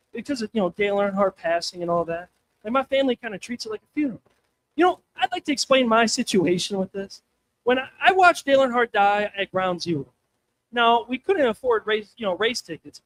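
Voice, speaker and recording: A man's voice: very high-pitched, fairly bright tone. A young man doing a crude, self-mocking stand-up set on a comedy showcase stage, talking casually with the crowd.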